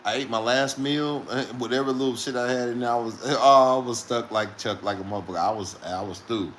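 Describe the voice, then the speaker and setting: Man in casual chat, mid-pitched voice, cursing freely and chuckling through a long rambling road story. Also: fairly quick, fairly bright tone, a little hiss or hum. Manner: profane, rambling, laughing between lines. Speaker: truck driver telling a story.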